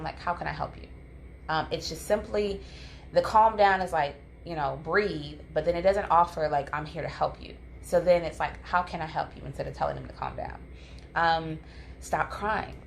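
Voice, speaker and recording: Low-voiced woman giving parenting advice. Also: a little hiss or hum. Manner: conversational, many ums and likes. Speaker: parenting coach. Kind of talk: casual advice talk.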